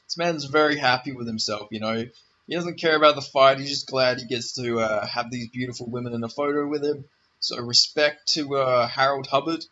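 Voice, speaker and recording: Bright-voiced young man riffing on photos. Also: medium pitch, highs cut off, a little hiss or hum. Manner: profane, rambling, joking. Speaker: video commentator. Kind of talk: casual comedic commentary.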